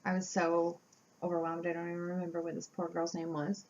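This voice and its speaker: Animated woman telling a story, lo-fi. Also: on the low side, fairly quick. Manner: animated storytelling, acting out quotes with laughs. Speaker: vlogger. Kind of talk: storytime vlog.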